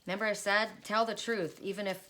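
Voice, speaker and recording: A woman's voice: mid-range voice, fairly even intonation, quick pace, sharp tone. A middle-aged woman giving a solo oracle card reading, musing aloud and repeating card messages in rambling asides.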